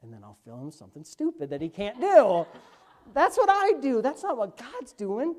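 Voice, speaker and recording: A man preaching a sermon as pastor, emphatic, slipping from quick asides into loud, drawn-out stresses. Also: high voice, huge pitch swings.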